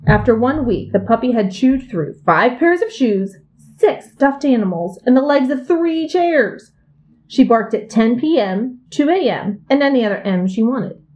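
A woman reading a children's picture book aloud, with expressive and playful emphasis. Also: fairly high pitch, measured pace, highs cut off. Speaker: storyteller.

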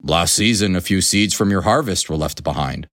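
A man reading a storybook, voicing an unhurried male farm horse who speaks flatly and casually. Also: sits low, dry recording, clean studio sound. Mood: deadpan. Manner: flat and casual.

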